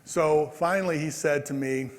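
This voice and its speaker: A man's voice: a little high, normal speed. Man in his 60s telling stories, echoing hall. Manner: animated, acts out quoted people. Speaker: keynote speaker. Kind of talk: storytelling speech. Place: large convention hall. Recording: long hall reverb.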